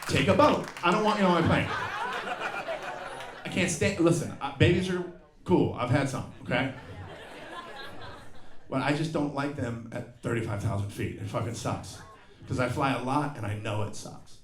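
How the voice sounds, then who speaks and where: This middle-aged comic speaks in a mid-range voice at a moderate pace, pausing often. He rants profanely through his stand-up routine and voices other people's lines. The live venue is roomy, and the crowd can be heard laughing.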